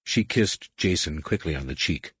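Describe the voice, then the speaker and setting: A man narrating an audiobook in a steady, measured way. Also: a bass voice, husky, no echo.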